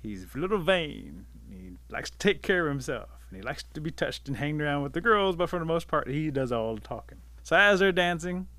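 A man telling a folk tale aloud in a relaxed, unhurried way. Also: on the high side, no echo. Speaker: storyteller. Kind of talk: oral folk-tale narration.

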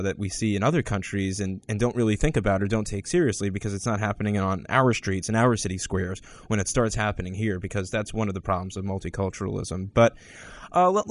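Rambling male podcast host. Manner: rambling, many restarts, pitch jumps up when telling stories. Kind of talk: casual opinion talk.

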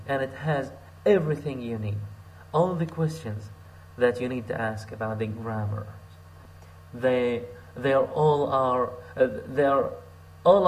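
Guy w teaching a lesson, talks real slow, lots of uhs, keeps repeating stuff. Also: medium pitch, a little hiss or hum, low-quality recording. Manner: slow, patient, repeats phrases, many fillers. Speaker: Arabic teacher. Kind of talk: recorded language lesson.

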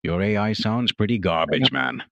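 A man's voice: on the low side, dry recording, pitched below the performer's own voice. A streamer playing a taunting fake AI clone of a man through a voice synthesis filter, in a smug, mocking tone. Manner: smug, mocking, slow and flat.

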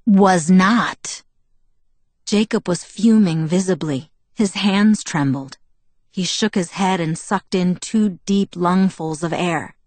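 A woman narrating a first-person novel in a steady, measured storytelling voice. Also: on the low side, no room sound. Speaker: audiobook narrator.

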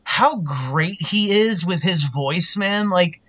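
Man, somewhat high voice, rambling, lots of "like", swearing, casual podcast chat. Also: animated, slow, fairly bright tone. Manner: rambling, full of "like", swears freely. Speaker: podcast co-host.

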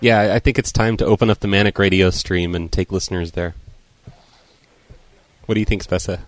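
Laid-back low-voiced male host. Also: steady tone, brisk. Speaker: show host. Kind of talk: casual chat on internet radio.

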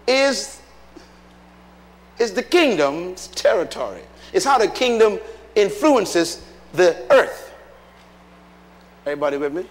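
A man preaching a sermon, emphatic, putting questions to the congregation. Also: high-pitched. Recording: long hall reverb.

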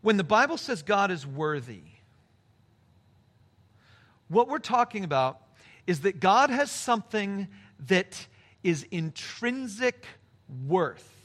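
A man's voice: high voice, big pitch swings, takes it slowly, long pauses, fairly bright tone. A man preaching a sermon, telling a story with emphatic, shifting pace. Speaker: pastor.

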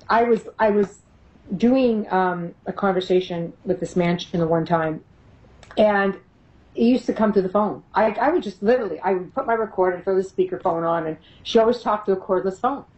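A woman's voice: lowish voice, normal speed, a little mellow, dull audio. A middle-aged woman being interviewed about her paranormal investigation work, telling stories animatedly, laughing often and acting out the voices she quotes. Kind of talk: casual storytelling in an interview.

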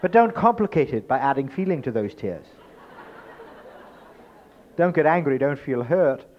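Guy giving a talk, rhetorical, goes loud then quiet, kinda muffled lo-fi audio. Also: fairly high pitch, very animated, normal speed, slight background noise. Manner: emphatic, rhetorical, swings from loud to hushed. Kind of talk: spoken lecture to an audience. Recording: dull lo-fi recording.

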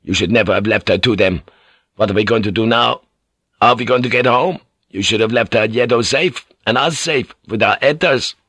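A man's voice: low-pitched, moderate pace, pushed and bright, husky, no room sound, clean studio sound, heavily acted. A man voicing a coarse, bitter male sailor who whines and curses in an audiobook. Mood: whining. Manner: whining, cursing, complaining.

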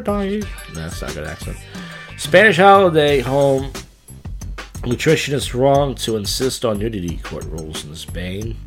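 A man with a fairly low voice reads strange headlines on his casual podcast, tripping over words and restarting lines. He follows each item with blunt, crude asides, while soft music plays faintly behind him. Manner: crude, offhand commentary. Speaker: podcast host. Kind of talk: casual news-reading podcast.

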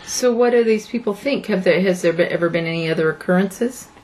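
A woman's voice: fairly low pitch, brisk, a little mellow. A woman co-hosting a casual talk show, asking curious, skeptical questions. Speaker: co-host. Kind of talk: casual banter.

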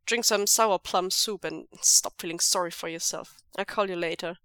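A woman reading aloud and voicing a gruff, impatient young man on the phone who talks in short, scolding bursts. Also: lowish voice, normal speed, sharp tone, no echo. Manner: clipped, brusque and scolding.

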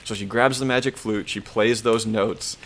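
A man co-hosting a podcast, recapping a horror episode in an animated, profane, casual way. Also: lowish voice, a little hiss or hum. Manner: animated, profane storytelling with quick put-on voices. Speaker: podcast co-host.

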